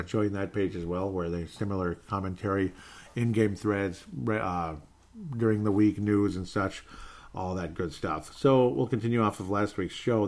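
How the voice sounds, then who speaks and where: A lower-pitched man runs a relaxed sports show and works through listener comments one by one. He talks in a loose, chatty way, with fillers and small chuckles between readings. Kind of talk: casual sports podcast chat.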